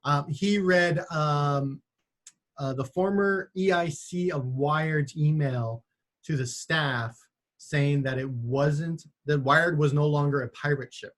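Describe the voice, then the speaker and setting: A podcast host with a slightly high, fairly bright voice talks slowly, joking in a dry, wry way. As he riffs he often stumbles over words, stammering and restarting.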